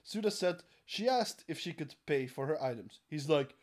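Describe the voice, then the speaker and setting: A man's voice: on the high side, animated, moderate pace. A man hosting a crude comedy podcast, swearing a lot, laughing often and mocking people in put-on voices. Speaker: podcast host.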